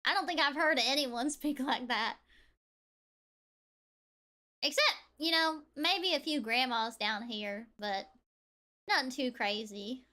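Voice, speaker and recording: Woman, Southern US accent, high and bright voice, unhurried, giggly livestream chat. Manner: giggly, chatty, drawn-out vowels. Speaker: streamer.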